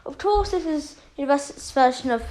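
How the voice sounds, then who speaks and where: A woman's voice: high voice, expressive, quick pace, darkish tone, rough recording. A woman casually retelling a fan story, rambling with many fillers.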